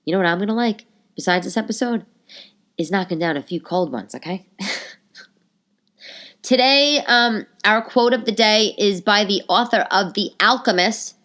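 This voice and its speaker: A woman's voice: medium pitch, normal speed, fairly bright tone. A middle-aged woman hosting her own podcast, a little nasal today, chatting and telling rambling stories with lots of asides. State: a bit nasal from a cold. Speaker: podcast host. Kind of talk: casual solo podcast chat.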